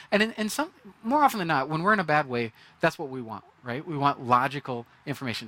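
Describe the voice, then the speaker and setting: A man's voice: a little high, expressive, fast talker, few pauses, bright, forceful tone. A man preaching a sermon in a conversational way, acting out the reactions of the people in his story. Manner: conversational, acts out quoted reactions. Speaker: pastor.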